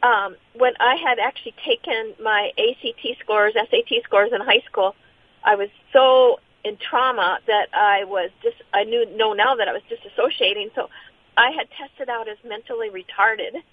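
A middle-aged woman giving a personal testimony as an interview guest, speaking in a halting, earnest way with many restarts. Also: on the high side, no echo. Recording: tinny phone-line sound.

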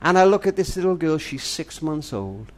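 This older man's fairly high voice has a sing-song lilt and a moderate pace. A family charity speaker, he gives a heartfelt, tender and earnest monologue in a grandfatherly manner, addressing it as though to his granddaughter.

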